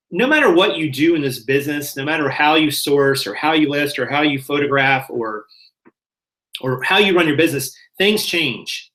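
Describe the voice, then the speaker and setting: A man's voice: a little high, bright, forceful tone, poor audio. A middle-aged man from the American South with a light Southern accent, hosting a casual chat about reselling and rambling a little as he corrects himself. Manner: chatty, rambling, self-correcting. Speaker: reseller channel host.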